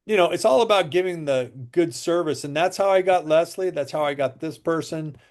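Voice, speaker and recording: A man's voice: on the high side, brisk. A man guest in a casual interview, telling sales stories and acting out what people said. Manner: animated storyteller acting out quotes. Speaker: interview guest, water machine seller.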